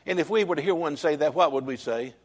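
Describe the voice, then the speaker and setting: A man preaching a sermon. His voice sits a little high, and he tells homespun stories with slow, weighty emphasis on the key lines. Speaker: pastor.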